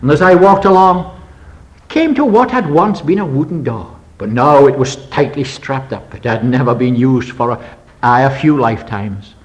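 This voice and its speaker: Older guy preaching, tells it like a story, goes big and loud then real quiet. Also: medium pitch, animated, normal speed, low-quality recording. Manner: dramatic, swings between loud and hushed. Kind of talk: storytelling sermon.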